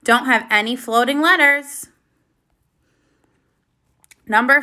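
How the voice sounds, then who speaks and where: A woman teacher giving a recorded reading lesson for young children, slow, clear and encouraging, with lively praise. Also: high-pitched.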